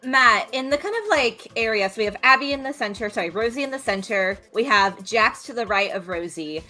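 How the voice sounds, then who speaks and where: A woman narrating as game master, speaking in a quick, direct way. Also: on the high side, bright, forceful tone, soft background music.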